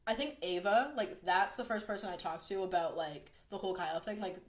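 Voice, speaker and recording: A young woman hosting a podcast and retelling workplace drama in a loose, rambling way. She keeps slipping into quick quoted lines from other people and stacks up fillers as she talks. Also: fairly low pitch. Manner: animated storytelling with frequent fillers and quoted asides. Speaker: podcast host. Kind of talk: casual chat.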